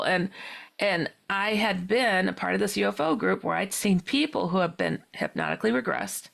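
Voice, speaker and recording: A woman guest tells a personal story with lively energy, jumping in and out of quoted dialogue. Her voice carries a gravelly, fry-touched texture. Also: medium pitch. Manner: acts out dialogue with quick quotes and laughs. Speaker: paranormal author and guest.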